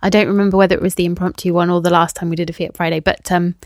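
A woman's voice: on the low side, level tone, rapid-fire, a little mellow, no room sound, studio quality. A woman co-hosting a live show, chatting casually with a wry, teasing manner. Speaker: podcast co-host. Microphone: close studio mic.

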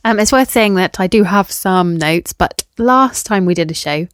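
A woman's voice: mid-range voice, expressive, moderate pace, no room sound, studio quality. A woman co-hosting a live show, chatting casually with a wry, teasing manner. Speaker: podcast co-host. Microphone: close studio mic.

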